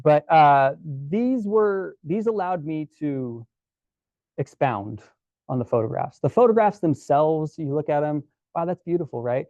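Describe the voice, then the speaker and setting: A man giving a casual storytelling presentation to a club, relaxed and chatty with many fillers and restarts. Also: a little high, unhurried, no room sound, lo-fi sound. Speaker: guest presenter at a camera club.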